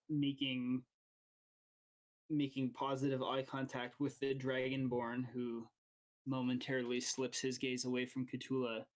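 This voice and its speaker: A man narrating a tabletop game as dungeon master, with halting speech and frequent restarts. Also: medium pitch.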